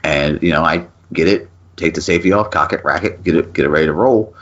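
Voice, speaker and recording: A man with a deep voice spins a lively story on a podcast, cursing freely as he goes. The audio is muffled and lo-fi. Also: fast. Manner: animated storyteller, swears, acts out voices in quotes. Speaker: podcast co-host. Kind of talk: casual storytelling chat.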